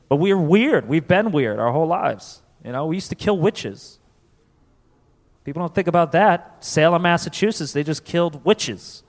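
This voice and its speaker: Stand-up comic from Connecticut, lively swinging delivery, slightly high voice, reverb of a live hall. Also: male voice. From Connecticut, USA. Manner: animated, profane, self-deprecating. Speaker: stand-up comedian. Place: comedy festival stage before an audience.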